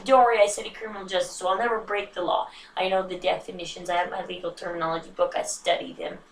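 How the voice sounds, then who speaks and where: A woman's voice: lowish voice, quick pace. Woman vlogger, casual self-mocking chat, roomy echo, slightly distant mic. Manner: chatty, self-mocking, animated with sudden hushed asides.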